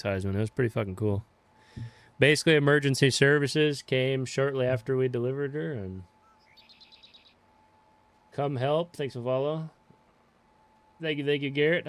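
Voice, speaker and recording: A man's voice: medium pitch, no room sound. Laid-back young man streaming a farm game. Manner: laid-back, swears casually, greets viewers by name. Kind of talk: casual live-stream chat while playing.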